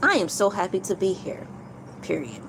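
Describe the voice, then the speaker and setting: A woman voicing a stiff, monotone female robot that reads its punctuation aloud in a flat, mechanical way. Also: medium pitch, normal speed, background noise.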